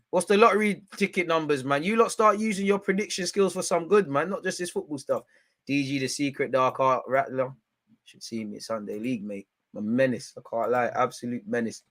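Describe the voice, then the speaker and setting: Young man, London accent, streetwise slang, football stream host, animated, jumps between loud hype and quiet mutters. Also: a little high. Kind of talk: casual live-stream chat.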